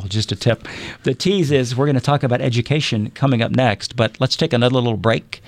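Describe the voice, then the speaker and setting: A man's voice: medium pitch, gravelly, darkish tone, no echo. A middle-aged man co-hosting a college radio talk show, joking and mocking himself in casual banter. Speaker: radio co-host. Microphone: studio microphone.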